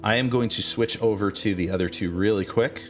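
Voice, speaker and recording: A man narrating as game master, halting with many fillers and restarts. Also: on the low side, soft background music.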